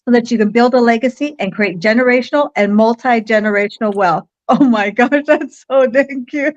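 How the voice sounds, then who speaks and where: A bubbly woman hosts a live online show, her voice pitched a bit high and full of laughter. The sound is somewhat dull and lo-fi, like a muffled stream. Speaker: host. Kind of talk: enthusiastic livestream chat.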